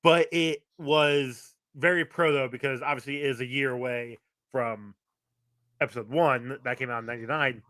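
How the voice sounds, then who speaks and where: A man's voice: medium pitch, fairly even intonation, moderate pace, a bit bright, no room sound. A man co-hosting a podcast, chatting casually and rambling with many restarts and fillers. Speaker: podcast co-host. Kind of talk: casual chat.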